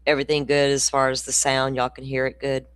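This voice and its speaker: A woman's voice: very deep voice, monotone, a little fast, clear, resonant tone. A woman from Florida with a Southern accent, hosting a casual true crime stream and chatting with viewers in a loose, storytelling way. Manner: chatty, laughing, storytelling asides. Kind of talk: casual livestream chat.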